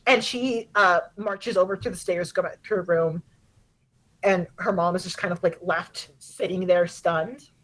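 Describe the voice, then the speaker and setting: A woman narrating a tabletop role-play as game master, relaxed and full of fillers. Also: on the low side, measured pace, low-quality recording.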